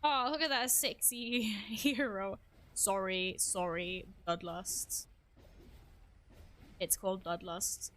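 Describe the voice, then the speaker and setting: A young adult woman streaming a game live, reacting excitably, swearing and making fun of herself. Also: mid-range voice, slow. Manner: excitable, swears, self-deprecating outbursts. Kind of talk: live gameplay commentary.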